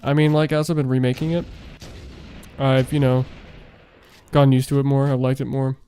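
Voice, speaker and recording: A man's voice: medium pitch, level tone, moderate pace, warm tone, clean tone. A young man chatting casually while streaming a game he makes, rambling with lots of fillers, his voice worn out late at night. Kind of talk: casual gaming stream chat.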